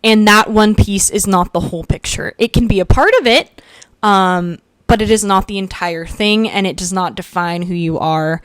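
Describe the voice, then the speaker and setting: Smooth-voiced woman musing on a podcast. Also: medium pitch, no echo, studio quality. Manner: chatty, reflective, with frequent um and like. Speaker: podcast host. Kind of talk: casual solo podcast reflection. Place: home room where she records.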